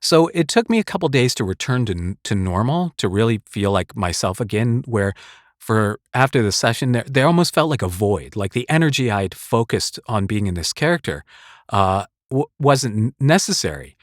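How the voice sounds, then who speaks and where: Man, voice actor vlogging about craft, low voice, dry close-mic sound, earnest and rambling. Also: very animated, normal speed, dry recording. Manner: earnest, rambling, with restarts and short laughs. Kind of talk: casual talk on voice-acting craft. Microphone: close studio microphone.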